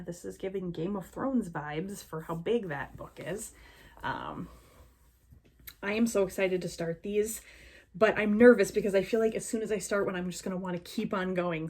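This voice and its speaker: A woman's voice: medium pitch, darkish tone. A woman book vlogger talking casually and with enthusiasm, with lots of ums. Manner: chatty, enthusiastic, many ums. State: hiccuping. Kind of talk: casual chat.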